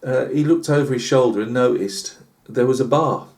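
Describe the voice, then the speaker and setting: Chatty British bloke spinning a yarn. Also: male voice, mid-range voice, moderate pace, darkish tone. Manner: chatty, lots of asides and fillers. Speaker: channel host. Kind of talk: rambling comic tall tale.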